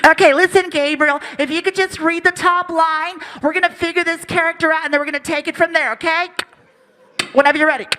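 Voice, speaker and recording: Comedian putting on a woman director, high bright voice, chirpy, polite, brisk stand-up impression. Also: steady tone. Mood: chipper. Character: brisk upbeat woman cartoon casting director.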